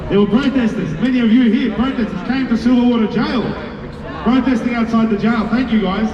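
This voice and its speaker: A man's voice: extremely high pitch, steady tone, fairly quick. A man speaking to an outdoor city rally, wry and defiant, with jokes and asides. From Australia. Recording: echoey, far-off, dull outdoor audio with crowd and noise.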